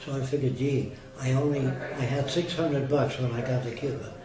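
A man's voice: medium pitch, fairly even intonation, moderate pace, a crowd in the background. A man telling a story in a casual, blunt, plain-spoken way, answering an interviewer. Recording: roomy, distant mic with music underneath.

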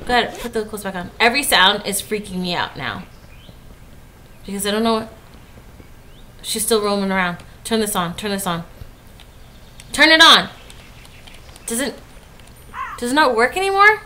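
A high-pitched woman with a twang narrates her gameplay in a jumpy, chatty way, often hollering at the screen. Her voice is bright and sharp, with a faint hiss of ambience behind it. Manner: jumpy and talkative, often yelling at the game. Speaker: gaming YouTuber. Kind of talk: let's play commentary.

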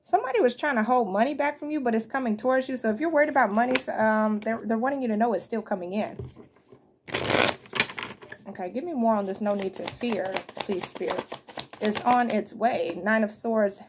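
A woman's voice: on the high side, fairly quick, noisy background. A woman giving a casual, chatty tarot reading, thinking aloud as she turns cards, with easy laughs and the odd swear word. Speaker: tarot reader.

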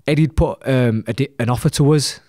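A man's voice: medium pitch, a little fast, mellow, no room sound. Man, Leeds accent, young adult, casual storytelling, blunt, heavy swearing, dry close sound. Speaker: boxer, podcast guest.

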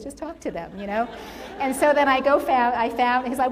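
A woman's voice: on the high side, quick pace. A woman giving a motivational talk on campus, telling stories and acting out the people she quotes in livelier voices. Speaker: guest speaker.

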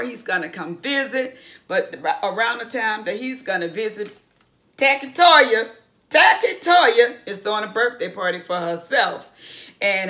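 A woman's voice: medium pitch, pushed and bright. A woman casually recapping a reality show, chatty and blunt, swearing freely and acting out what the cast said.

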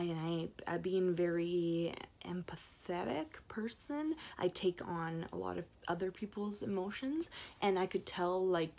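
A woman knitting vlogger in a casual, rambling recap full of fillers and restarts. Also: fairly low pitch.

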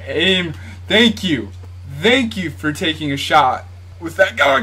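Excitable man commentating his own basketball game. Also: sits high, slow pace, slight background noise. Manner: excitable, jumps between yelps and nervous muttering; talks straight to viewers, asks for likes. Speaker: YouTube gamer.

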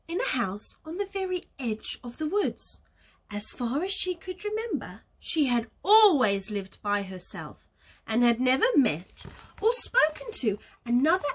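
A woman teacher reading a picture book aloud to young children, animated, gasping and coaxing them to join in. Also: high-pitched. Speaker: early years teacher.

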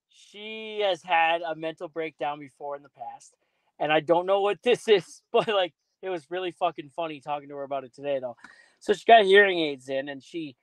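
A podcast host with a high, dry-sounding voice tells blunt stories, swearing freely and laughing as he goes. The recording is dry and the audio quality is poor.

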